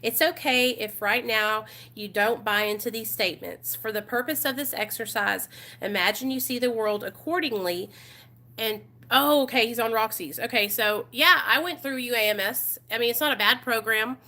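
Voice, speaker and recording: Speaking at a normal speed, this woman's fairly high voice sounds pushed and bright, carrying an East Texas accent. On her laid-back recovery support livestream, she alternates between reading workbook excerpts and chatting frankly with her audience, saying hello and replying to what they write.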